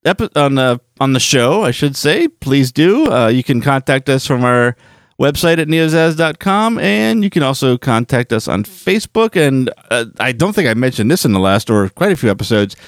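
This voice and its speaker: With a sing-song lilt, a man of medium pitch hosts a casual podcast at a moderate pace. He tends to ramble, correct himself along the way, and laugh easily; the audio is clean studio sound with no room noise.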